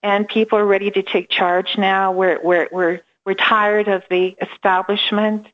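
A middle-aged woman telling a personal story in an animated way, slipping into voices for the people she quotes and laughing as she goes. Her pitch sits mid-range for a woman. The sound is dull and lo-fi, like audio from an online call. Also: unhurried. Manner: lively storyteller who acts out quoted dialogue and laughs often. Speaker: empowerment coach, guest. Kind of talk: storytelling in a remote interview.

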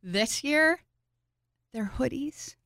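A woman co-hosting a podcast in casual, chatty talk, gushing and quick to laugh. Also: high voice, animated, creaky, pushed and bright, no echo, clean studio sound. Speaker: podcast co-host. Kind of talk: casual chat.

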